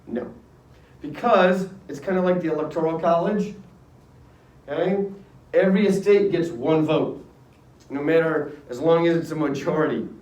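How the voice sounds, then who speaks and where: Man teaching a class, fairly high voice, jokey storyteller, heard from across an echoey classroom. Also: darkish tone, distant mic. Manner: jokey storytelling, acts out quick character voices. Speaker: history teacher. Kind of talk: casual classroom lecture.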